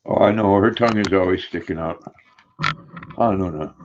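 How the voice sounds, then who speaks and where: An older man with a low, mellow voice greets his live viewers in a cheerful, casual chat. He coos gently at his dog between greetings. The audio is slightly dull and lo-fi. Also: fairly even intonation, moderate pace.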